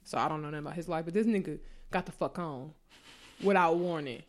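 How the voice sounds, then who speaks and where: This woman is a fast talker with a low-pitched voice. In a casual co-hosted chat she shares profane dating tales with animation, performing other people's lines in a raised voice.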